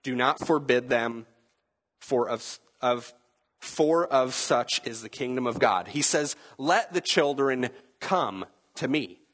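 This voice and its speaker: Male preacher, chatty sermon delivery, slightly raspy, long hall echo. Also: medium pitch, animated, slow pace, a bit bright. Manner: conversational, asks the listeners questions, acts out quotes.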